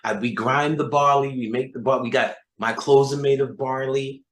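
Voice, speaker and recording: A self-righteous do-gooder fumbling over earnest claims, as a man mocks him, pitched a little higher than the speaker's own voice. It rings in a roomy echo. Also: steady tone, normal speed, close to an everyday voice. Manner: mocking, stumbling, earnest parody.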